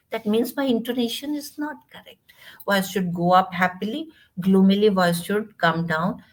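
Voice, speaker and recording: A woman with an Indian English accent, coaching a student in spoken English in a measured, instructive way with quiet asides. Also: medium pitch. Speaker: English teacher.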